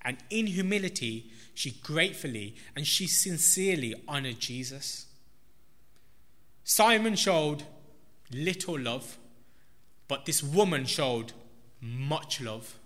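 A man preaching a sermon in a slow, emphatic way, stressing repeated words. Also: fairly high pitch, lively intonation, a bit bright. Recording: long reverb of a large hall.

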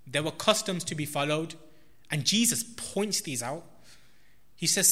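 A man preaching a sermon in a slow, emphatic way, stressing repeated words. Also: fairly high pitch, expressive, sharp tone. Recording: long reverb of a large hall.

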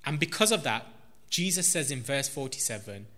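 Male preacher, slow and emphatic, bright forceful tone, big reverberant room. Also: mid-range voice, lively intonation. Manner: slow, emphatic delivery with stressed repetitions. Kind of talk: sermon. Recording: long reverb of a large hall.

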